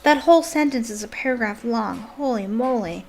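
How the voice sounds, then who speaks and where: A woman with a slightly high voice reading a novel aloud for online listeners, then stopping to react with animated, exclaiming asides. Her reading is unforced and casual, and a faint hiss sits under the recording. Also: normal speed. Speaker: YouTube reader.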